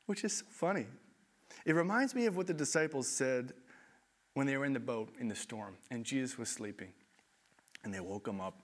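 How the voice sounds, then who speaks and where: Male pastor, sermon, lively pitch, chatty, self-deprecating. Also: a little fast. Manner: animated, conversational, self-deprecating.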